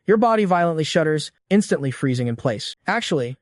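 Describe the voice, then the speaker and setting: A man narrating a comic romance recap in the second person, with steady scripted storytelling. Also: fairly high pitch, a little fast, dry recording, studio quality.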